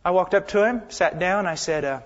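Male preacher with a high voice, impassioned sermon delivery that swings between loud emphasis and hushed tones, dull lo-fi recording. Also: brisk.

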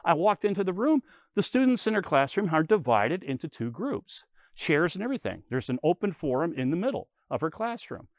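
A man's voice: fairly high pitch, sing-song, fairly quick, no room sound. An older man giving a conversational Bible lesson, telling stories and explaining with everyday comparisons. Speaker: Bible teacher.

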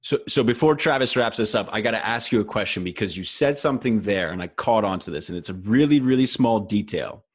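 A man co-hosts a casual podcast and asks reflective, thoughtful questions. His voice is on the low side for a man. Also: fairly quick, few pauses, breathy edge. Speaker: co-host.

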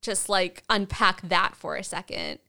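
A woman's voice: medium pitch, wildly swooping pitch, measured pace, sharp tone. A woman co-hosting a podcast, chatting casually through a TV episode recap, laughing often and acting out characters' lines. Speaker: podcast co-host.

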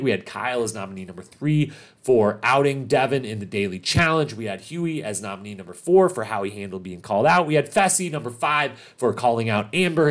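A man hosting a casual recap podcast, talking in an animated, emphatic way and repeating points for stress. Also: mid-range voice. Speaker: podcast host recapping a reality show.

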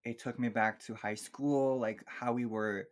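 A man speaking English as a second language, talking reflectively and softly with many fillers in a casual chat. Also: medium pitch, steady tone, a little slow. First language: not English. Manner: reflective, soft-spoken, with frequent fillers. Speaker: podcast guest. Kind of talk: casual chat about emotional healing.

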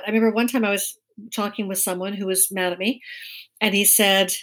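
A woman's voice: mid-range voice, fairly even intonation, fairly quick, fairly bright tone. A woman as a guest on a podcast, speaking candidly and self-deprecatingly, laughing often. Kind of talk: casual chat.

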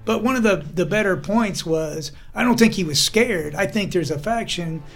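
A man hosting a podcast in casual chat, an animated storyteller who acts out the voices he quotes and laughs often. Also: sits high, normal speed, faint music behind. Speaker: podcast host.

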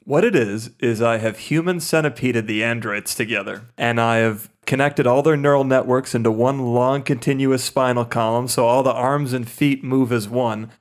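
Quick playful man at a role-play table. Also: mid-range voice. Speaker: player.

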